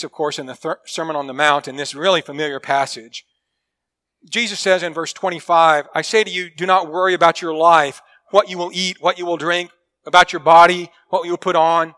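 A man preaching a sermon earnestly, stressing points and sometimes dropping to a hushed tone. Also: a little high, fairly even intonation, brisk. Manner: earnest, emphatic preaching with dramatic drops to a hush; acts out quoted people in a story.

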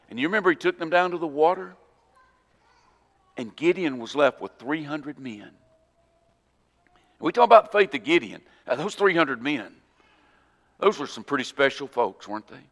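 A man's voice: a little high, moderate pace, pauses often. Man preaching in a reverberant hall. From Florida. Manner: animated storytelling, acts out scenes and quotes scripture. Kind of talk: sermon.

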